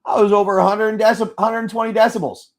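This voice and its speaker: A man with a slightly high voice tells a rambling story as he hosts a live card-opening stream. He swears freely and acts out each side of the talk. He stays loud and casual the whole way through. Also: flat delivery, quick pace. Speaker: live card-break seller. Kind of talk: casual chat while opening card packs.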